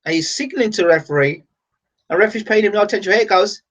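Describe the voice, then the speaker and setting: A man commentating live on a boxing match from his own setup, venting his disgust as the rounds go on. His voice sits fairly high, and the recording is dull and lo-fi. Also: rapid-fire. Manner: exasperated, ranting, swings to excited shouting.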